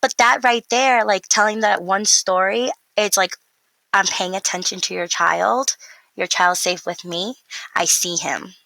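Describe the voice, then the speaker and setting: Young woman, educator guest, gravelly voice, bright tone, dry close sound, animated storytelling. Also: on the low side, measured pace, no echo, low-quality recording. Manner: animated storyteller, acts out quotes. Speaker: early childhood educator, guest. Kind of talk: casual interview conversation.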